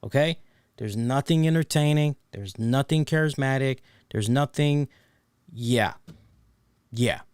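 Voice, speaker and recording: With a clear, resonant mid-range voice and a slightly slow pace, a podcast host rants about wrestling in a casual review. He is animated, sarcastic and profane, repeating phrases for emphasis, recorded at studio quality with no echo.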